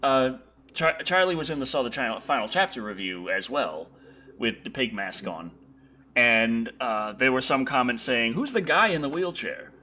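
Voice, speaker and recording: Excitable man rambling through restarts. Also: mid-range voice, moderate pace. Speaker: show host. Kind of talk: casual livestream chat.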